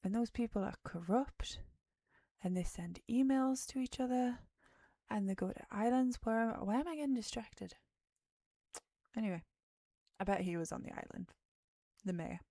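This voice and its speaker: A woman's voice: a little high, expressive, moderate pace, vocal fry, pauses often, warm tone, dry recording, clean studio sound. A tired woman streamer, rambling in casual chat about a film and sometimes dropping to a whisper. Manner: rambling, drifts off topic, drops to a whisper at times. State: tired, yawning. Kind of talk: casual movie chat on a livestream.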